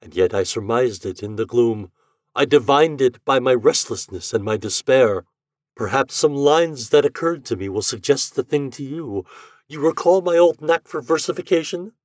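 A man's voice: medium pitch, expressive, normal speed, no room sound, studio quality, close to an everyday voice. A man voicing a theatrical, courtly male ghost who returns to his forgotten love. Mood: aggrieved. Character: wry, jaunty male ghost of a dead lover.

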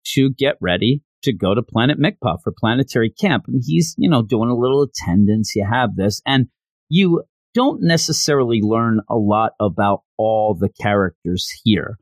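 Casual male recapper, chatty and jokey, mid pitch, dry sound. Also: lively intonation, normal speed, no room sound. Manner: chatty, joking, many fillers. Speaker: reviewer.

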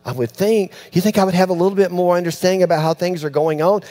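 Animated storytelling preacher, man. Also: high-pitched, fast talker. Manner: animated storytelling, acts out voices, dropping to near-hushed tones. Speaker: pastor. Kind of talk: sermon.

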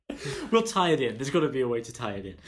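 A man's voice: medium pitch, very animated, quick pace. A man co-hosting a casual podcast chat, playful and easily amused. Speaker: podcast co-host.

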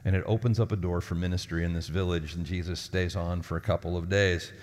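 A man's voice: deep voice, steady tone, quick pace, a little mellow. A man preaching a sermon as lead pastor, talking in a conversational, storytelling way and acting out the people in his stories. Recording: long hall reverb.

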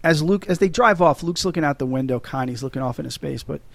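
A man's voice: fairly high pitch, quick pace, vocal fry, no echo. Guy recapping a movie on a podcast, keeps restarting, gets choked up, dry mic. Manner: rambling, restarts a lot, emotional. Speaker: podcast host. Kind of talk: casual movie discussion.

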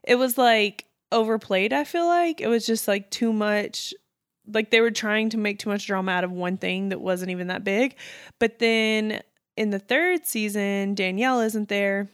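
A woman co-hosting a podcast, talking in a relaxed, chatty way in casual conversation. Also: medium pitch, normal speed, clean tone, dry recording, studio quality. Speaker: podcast co-host. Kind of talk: casual chat.

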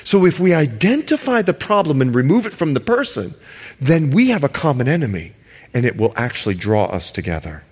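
A male pastor from the Bahamas preaching a sermon. He stretches key words slowly for emphasis and jokes with the congregation. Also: mid-range voice, sing-song, a little mellow, breathy edge.

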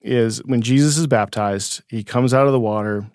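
A man co-hosts a relaxed faith conversation in an even, mid-pitched voice. He thinks aloud, restarts his phrases and laughs easily. The sound is close and dry. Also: moderate pace, clean tone, no room sound. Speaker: podcast co-host.

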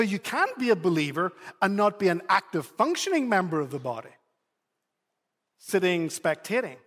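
High-voiced male pastor in an echoing hall. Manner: animated storytelling, repeats words when emphasizing. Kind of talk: sermon with a personal story.

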